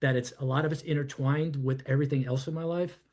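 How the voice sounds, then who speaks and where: A man's voice: on the high side, fairly even intonation, fast talker, a little mellow. A man in his fifties from New York, telling his life story to a podcast host in a rambling, reflective way, with plenty of "you know" and "I'm like.". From New York, USA. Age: 50s. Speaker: podcast guest. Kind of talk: candid personal storytelling in conversation.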